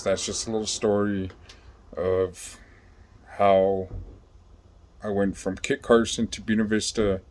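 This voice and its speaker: Man, lowish voice, loose storytelling, lots of restarts and cursing. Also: darkish tone. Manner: rambling, profane, full of fillers and restarts. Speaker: vlogger telling his own story. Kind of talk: casual storytelling.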